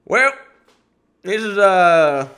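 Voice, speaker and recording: A deadpan young man from an improv class, drawling along in an unbothered, hesitant way. A man puts him on, keeping a bright, pushing tone to the voice. It sounds dry and unimpressed. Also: high voice, very slow, voice pushed up, full character voice.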